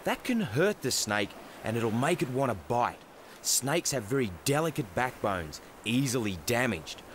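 A man with an Australian accent presenting wildlife outdoors, excitable and full of quick exclamations. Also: medium pitch. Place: outdoors in the bush. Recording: noisy outdoor field recording.

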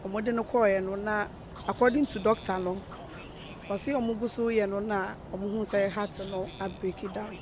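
A speaker from Ghana, a family member, recounting events to a reporter in a halting, soft-spoken way, mixing in English terms. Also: mid-range voice. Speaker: family member of the deceased, interviewee. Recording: outdoor street noise with passing vehicles.

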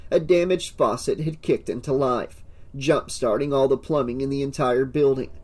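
A man's voice: mid-range voice, moderate pace, a little mellow. Man narrating an audiobook.

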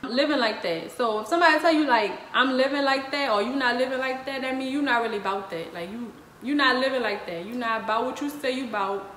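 A young woman with a New Orleans accent, casually explaining local slang words in a relaxed, easygoing way. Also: high-pitched, quick pace, hardly any pauses. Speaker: co-host. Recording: echoey room with faint noise.

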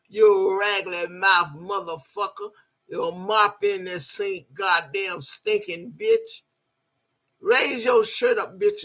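This is an older woman from Alabama with a thick Southern accent, hurling profane insults in a heated livestream rant. Her voice is husky and cutting, with a bright, tense edge that flares into shouting. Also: medium pitch.

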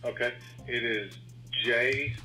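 A man's voice: mid-range voice, fairly even intonation, takes it slowly, bright, forceful tone, faint music behind, poor audio. A man answering a cold call at work, replying briefly and politely. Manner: brief, polite, slightly distracted. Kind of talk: phone conversation.

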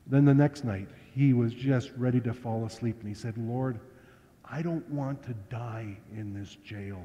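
Pastor guy telling stories in a sermon, chatty, kinda high mellow voice, big echoey hall. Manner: conversational, anecdotal storyteller. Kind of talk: storytelling sermon. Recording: dull lo-fi sound with long hall reverb.

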